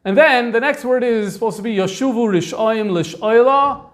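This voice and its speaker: High-voiced man lecturing with many fillers. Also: moderate pace. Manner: conversational, thinks aloud with frequent fillers. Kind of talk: informal lecture on manuscripts.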